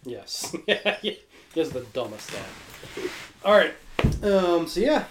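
A man's voice: fairly high pitch, sing-song, takes it slowly, slight background noise. A man co-hosting a film podcast, talking in a dry, matter-of-fact way in casual chat. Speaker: podcast co-host. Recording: echoey room.

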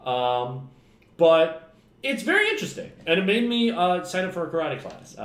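A man's voice: high-pitched, huge pitch swings, normal speed, slight background noise. A man casually chatting about films as a podcast co-host, rambling, swearing often and laughing a lot. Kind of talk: casual film chat. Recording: roomy echo.

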